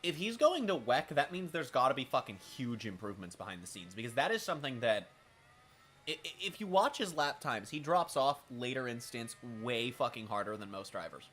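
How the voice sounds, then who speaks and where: Raspy guy streaming a racing game, swears a lot, bright edgy tone, faint hiss in the background. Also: mid-range voice, very animated, fairly quick. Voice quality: raspy, smoker-like. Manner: profane, wry, thinking aloud while playing. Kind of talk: casual live-stream commentary.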